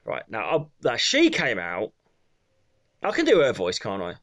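A man's voice: on the low side, huge pitch swings, moderate pace, fairly bright tone. A man co-hosting a podcast, telling a crude, rambling comic story. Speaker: podcast co-host.

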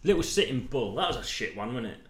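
A man's voice: mid-range voice, big pitch swings, fast. A man hosting a casual comedy chat, cracking crude, cheeky jokes. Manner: joking, cheeky, crude banter. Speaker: podcast co-host, comedian.

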